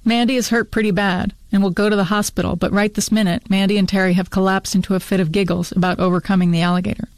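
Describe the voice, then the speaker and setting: A woman author reading her short fiction aloud, brisk and storytelling. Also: medium pitch, steady tone, a little mellow, no room sound. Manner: brisk storytelling with run-on sentences.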